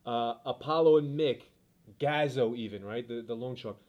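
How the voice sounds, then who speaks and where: A man's voice: medium pitch, normal speed, phone-quality sound. A man with a New York accent, talking casually and with enthusiasm as a podcast co-host discussing a movie. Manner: animated, enthusiastic, repeats himself.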